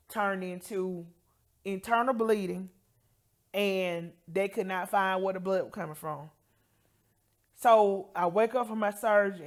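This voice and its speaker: Woman with a high voice telling a testimony. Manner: emotional storytelling, quotes others in lively voices. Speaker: co-host sharing a healing testimony.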